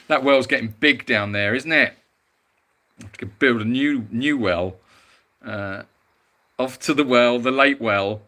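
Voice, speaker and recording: Moving around his house, this animal sanctuary host chats through a casual live stream and reads viewer comments aloud in a rambling way. His mid-range voice sounds pushed and bright, with lively intonation, normal speed and long pauses.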